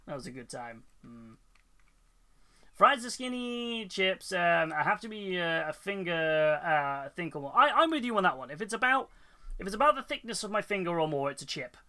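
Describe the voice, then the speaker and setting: A British man talking casually to his live-stream audience. His voice is bright and sits a little high. He rambles cheerfully and laughs often. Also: sing-song, moderate pace. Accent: British English. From United Kingdom. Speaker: Twitch streamer painting miniatures.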